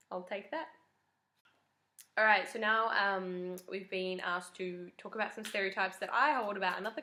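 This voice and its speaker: A young woman from Australia with a softened Australian accent, talking casually and wryly to camera. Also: fairly high pitch. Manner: chatty, wry, self-deprecating. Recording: echoey room.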